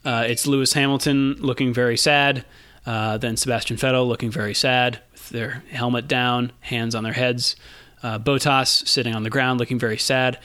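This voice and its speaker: Man, podcast host, casual chat, relaxed, frequent laughs, fillers, dry sound. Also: medium pitch, normal speed, no room sound.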